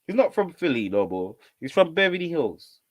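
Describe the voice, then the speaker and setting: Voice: mid-range voice, sing-song, normal speed. Teasing battle rap reaction host. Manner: teasing, repetitive catchphrases. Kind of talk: reaction commentary.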